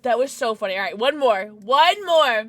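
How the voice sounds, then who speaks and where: Giggly high-pitched woman streamer. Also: normal speed, no room sound. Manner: giggly, excitable, shrieks and laughs a lot. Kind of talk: livestream game commentary.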